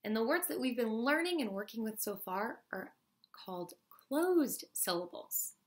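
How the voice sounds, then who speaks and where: A woman teaching a first grade phonics lesson in a slow, clear teaching voice, clapping out syllables. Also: a little high, sing-song.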